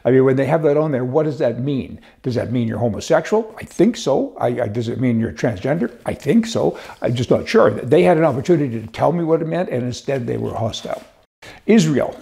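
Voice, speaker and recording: A man's voice: medium pitch, animated, fairly quick, gravelly, mellow. An older man hosting a talk show, rambling through folksy jokes and stories in a casual way, with frequent restarts. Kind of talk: casual joke-telling and commentary.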